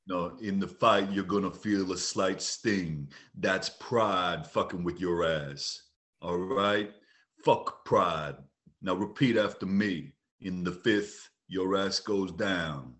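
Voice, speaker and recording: A man doing an impression of a menacing crime boss, talking slowly and low. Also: fairly bright tone. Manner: slow, low, threatening delivery. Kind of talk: podcast impression.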